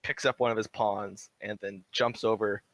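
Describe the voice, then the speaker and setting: A man's voice: fairly low pitch, fairly even intonation, moderate pace, dry recording, rough recording. A man narrating a tabletop game as dungeon master in a playful way. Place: home room on a live stream.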